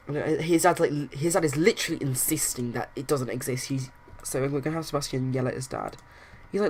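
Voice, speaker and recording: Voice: medium pitch, fairly quick, a little mellow, a little hiss or hum. A host narrating a life-simulation game casually, retelling scenes with quoted lines. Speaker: let's play host.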